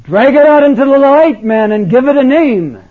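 A man doing a booming old Welsh preacher. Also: expressive, moderate pace. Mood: thundering. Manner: booming, emphatic, leaning over the pulpit. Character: elderly Welsh preacher exhorting his flock. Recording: tinny phone-like sound.

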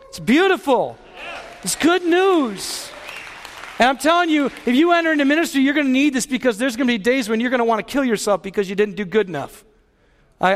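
High-voiced man preaching in a hall. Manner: passionate, emphatic preaching. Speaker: pastor. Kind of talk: sermon.

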